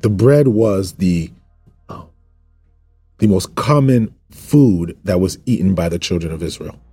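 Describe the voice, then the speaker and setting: With a low, slightly slow, mellow and somewhat rough voice, a man leads a Bible study as an informal sermon, emphatically repeating words and joking with viewers. There's no echo, just faint music in the background.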